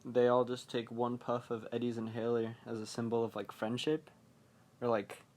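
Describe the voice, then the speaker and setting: A man's voice: medium pitch, monotone, normal speed, a little mellow. A man hosting a podcast, recapping a horror movie in a casual, rambling way, full of fillers and chuckles at his own remarks. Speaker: podcast host.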